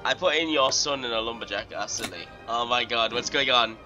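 A young man giving casual, excitable let's play commentary, swearing and giggling often. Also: mid-range voice, fairly quick, highs cut off. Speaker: gaming YouTuber. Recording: game music under voice.

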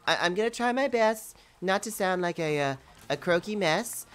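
A woman chatting casually while playing a video game, playful and excitable, with a lingering cold. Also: lowish voice, moderate pace, hardly any pauses. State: has a cold. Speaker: video game player and channel host. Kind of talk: casual gameplay chat.

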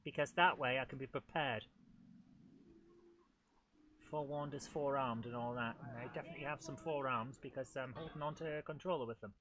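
Self-deprecating and talkative, a middle-aged man runs a live let's-play for his retro gaming channel, speaking to the game as he plays. His mid-range voice is brisk and a bit bright.

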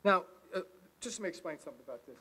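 A man in his sixties, with a fairly high voice, gives a loose, chatty talk to a college audience. He drifts between remarks and passages read from his book. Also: lively intonation, very fast, pushed and bright, slightly rough, poor audio. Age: 60s. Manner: loose and chatty, with many fillers and restarts. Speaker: guest speaker. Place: college lecture room.

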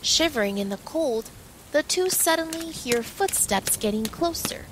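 A woman reading a children's picture book aloud, with gentle, expressive storytelling. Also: high-pitched, measured pace, noisy background. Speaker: storybook reader.

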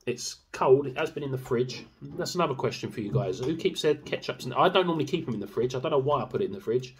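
A man's voice: mid-range voice, animated, quick pace, a little hiss or hum. A young man chatting casually in a sauce review vlog, rambling with fillers and swearing freely. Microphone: camera mic.

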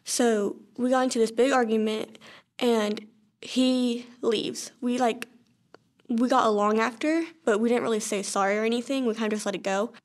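A young woman, a grieving sister, speaking quietly and subdued in a documentary interview, often saying "like". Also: a little high, fairly even intonation, moderate pace.

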